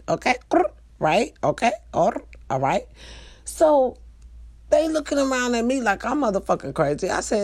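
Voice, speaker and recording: An older woman, telling a comic story in an animated, profane way with loud bursts. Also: medium pitch, moderate pace.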